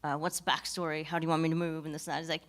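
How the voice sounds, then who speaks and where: A woman actor on a convention panel, telling a story in an easygoing way with quick asides and laughter. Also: deep voice, little pitch movement.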